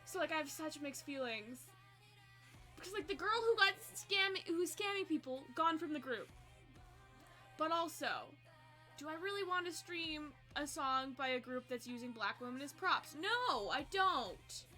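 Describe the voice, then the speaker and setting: A woman in her twenties chatting casually with her live chat as a streamer, swearing, laughing often and saying "like" a lot, with a quiet song playing behind her. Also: high voice, animated, unhurried, soft background music. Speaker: livestreamer. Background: quiet pop song playing.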